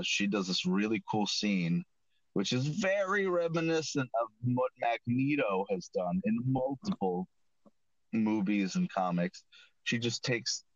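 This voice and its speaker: Speaking at a fairly low pitch, this man hosts a laid-back chat show and wanders through an episode recap, often starting over and correcting himself. The audio is dry and lo-fi, with a dull quality.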